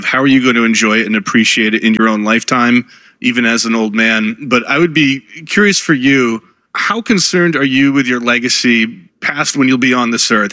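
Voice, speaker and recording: Bright, long-winded male reporter. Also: mid-range voice, no echo. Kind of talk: press conference question.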